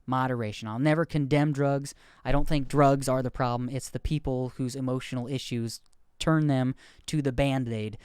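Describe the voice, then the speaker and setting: Candid, rambling man with a smooth voice. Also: medium pitch, darkish tone, dry recording, clean studio sound. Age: 30s. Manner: rambling, candid, self-deprecating. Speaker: podcast host. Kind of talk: casual podcast chat.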